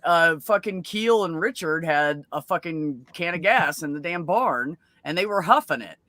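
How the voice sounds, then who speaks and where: Bright, animated, profane woman. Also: fairly low pitch, normal speed, no echo. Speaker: stream host. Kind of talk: casual chat, storytelling.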